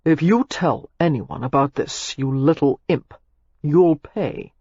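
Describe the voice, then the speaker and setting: A woman's voice: deep voice, takes it slowly, mellow, husky, dry recording, lo-fi sound, heavily acted. A woman narrator voicing a curt, impatient young male entrepreneur with dry sarcasm, in an audiobook. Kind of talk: audiobook character reading.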